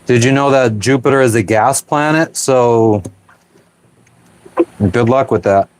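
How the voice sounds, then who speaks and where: A man's voice: mid-range voice, measured pace. Casual, profane man chatting on a boat. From Pennsylvania, US. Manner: loose and profane, answering viewers. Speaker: sailing vlogger reading live chat. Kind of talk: casual live-stream chat. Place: small boat cabin while cooking.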